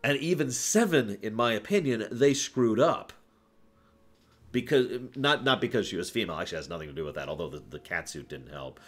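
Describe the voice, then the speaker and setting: A man's voice: on the low side, lively intonation, brisk. A man hosting a casual livestream, talking through his opinions in a rambling way, with restarts and sighs. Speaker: streamer host.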